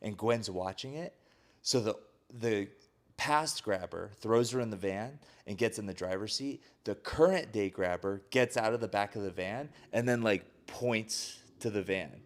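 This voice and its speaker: A man with a somewhat low voice retells a film plot in casual podcast chat. He keeps it animated, slipping into the characters' lines as he goes and leaning on "like" a lot. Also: measured pace. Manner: animated storyteller acting out quoted lines, frequent "like". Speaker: podcast co-host.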